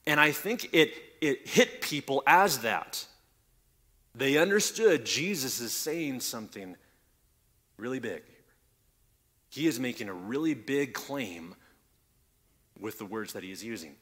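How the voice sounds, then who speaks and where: A man's voice: medium pitch, lively intonation, a little slow, pauses often, sharp tone. A man preaching a sermon, explaining scripture in a teaching manner, often repeating words as he restarts, and rising in force when he quotes verses. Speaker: pastor.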